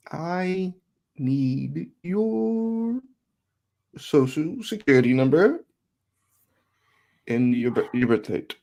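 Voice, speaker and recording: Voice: mid-range voice, vocal fry, darkish tone, full character voice. A player doing a fumbling, evasive mother on the phone. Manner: halting, full of fillers and restarts. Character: well-off mother phoning her adult daughter. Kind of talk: tabletop role-play scene.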